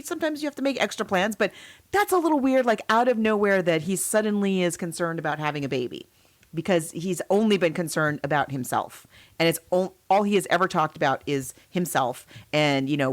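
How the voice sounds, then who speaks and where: A woman co-hosting a casual podcast who talks animatedly, laughs often and mimics characters in a high voice. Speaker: podcast co-host. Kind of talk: casual chat.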